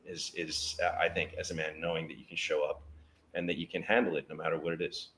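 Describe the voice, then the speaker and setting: A business owner appearing as a guest tells a story in conversation, speaking quickly in a very deep male voice and animatedly acting out the other people's lines. There's slight background noise.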